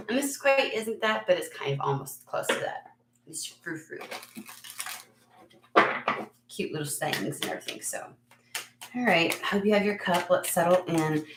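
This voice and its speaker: A lower-voiced woman talks her way through a casual tarot reading in a frank, chatty manner, swearing freely and laughing at herself. Her voice bounces around a roomy space, with a faint hiss behind it. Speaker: tarot reader and channel host. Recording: echoey room with faint noise.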